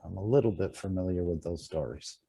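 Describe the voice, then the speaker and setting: A man from the United States interviewing a guest in a measured way, with fillers. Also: low voice, vocal fry, dark tone, husky, no room sound. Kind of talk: casual conversation.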